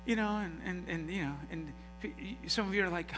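A man preaching a sermon as pastor, telling stories with acted-out voices and lively emphasis. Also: sits high, brisk, soft background music. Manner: animated storytelling with acted-out voices. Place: church sanctuary. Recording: live hall reverb with mains hum.

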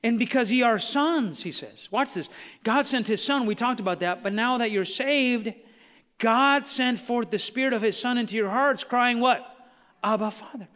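Male pastor, fervent sermon, sharp tense voice, echoing sanctuary reverb. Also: very high voice, moderate pace. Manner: fervent preaching, swings from quiet asides to shouted emphasis; frequent "watch this" and "the Bible says" refrains.

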